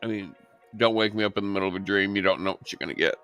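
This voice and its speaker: Male co-host, lowish voice, swears a lot, animated late-night storyteller, faint music bed. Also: very fast, smooth. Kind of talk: late-night casual chat.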